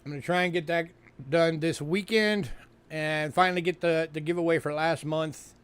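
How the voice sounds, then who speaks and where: Guy from new york running a coin sale stream, kinda high smooth voice, rambly. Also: fairly even intonation, normal speed, fairly bright tone. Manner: chatty, fillers, repeats himself. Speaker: coin sale livestream host. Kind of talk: casual livestream sales talk.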